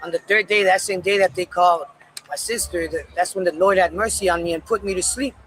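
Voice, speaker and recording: A man casually telling a personal story in a candid, profane, animated way. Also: high-pitched, brisk, a little hiss or hum, low-quality recording.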